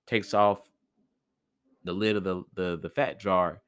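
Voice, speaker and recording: A man's voice: low-pitched, expressive, normal speed, fairly bright tone, dry recording. A man casually retelling a fairy tale for a podcast, rambling and slangy with many fillers. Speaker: podcast storyteller.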